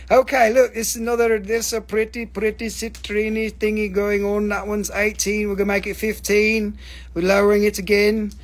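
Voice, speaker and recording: A man's voice: sits high, flat delivery, moderate pace. A man selling crystals on a livestream in casual patter, joking and swearing as he rambles through prices. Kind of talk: casual live-sale patter.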